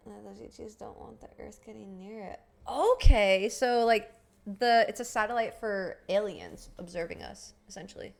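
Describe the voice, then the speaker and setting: A woman's voice: medium pitch, animated, normal speed, vocal fry. A young woman streamer chatting casually on a live stream, rambling, swearing and laughing often. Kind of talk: casual livestream chat.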